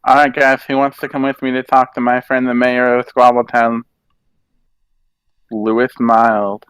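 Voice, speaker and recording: A man's voice: mid-range voice, little pitch movement, a little slow, a bit bright, smooth, no room sound, poor audio. A man playing a tabletop game, speaking in character in a playful, mock-theatrical way. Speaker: player.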